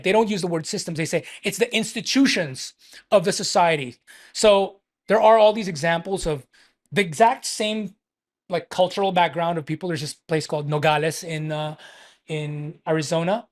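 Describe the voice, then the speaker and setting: A man who is a podcast guest, explaining with animated emphasis and repeating his points. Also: sits high. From Philippines. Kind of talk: casual explanatory discussion.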